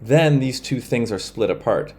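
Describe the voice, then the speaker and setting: A man teaching a grammar lesson over slides, explaining in a relaxed way with fillers and quick self-corrections, and saying example phrases in another language. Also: mid-range voice.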